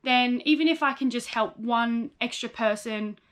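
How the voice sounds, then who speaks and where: A woman's voice: a little high, moderate pace, fairly bright tone. Candid young woman in a personal vlog. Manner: candid and emotional, quoting herself and others. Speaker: psychologist in training.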